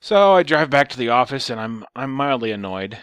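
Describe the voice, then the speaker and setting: A man tells a story in a casual vlog, ranting with exasperation and swearing freely. His voice sits at a middle pitch. The sound is dry and close, with no room echo. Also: animated, fairly quick, fairly bright tone, smooth. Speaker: vlogger.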